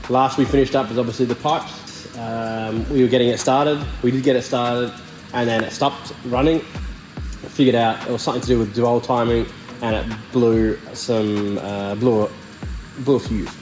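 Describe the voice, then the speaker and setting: A man hosts a casual car vlog from his home garage workshop. He sounds keen and jokey, firing off part names in quick bursts at an ordinary pitch. Music plays under him. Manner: excited, joking, rattles off parts in quick bursts. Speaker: car builder and channel host.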